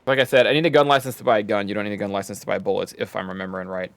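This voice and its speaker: A man's voice: on the low side, fairly even intonation, racing. A man streaming a game, casually thinking aloud and muttering to himself as he plays.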